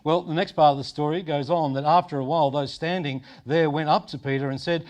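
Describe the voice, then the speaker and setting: A middle-aged Australian pastor preaching a sermon in a conversational way, dropping to soft low tones for emphasis. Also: male voice, fairly even intonation, brisk, hardly any pauses. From Sydney, Australia.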